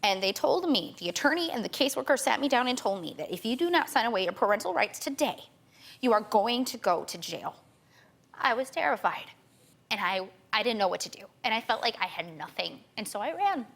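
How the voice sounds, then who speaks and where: A young woman telling an emotional personal story as a guest on a talk show. She talks in rushed runs, repeats herself and quotes other people. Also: a little high, sing-song, vocal fry, fairly bright tone. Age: young adult.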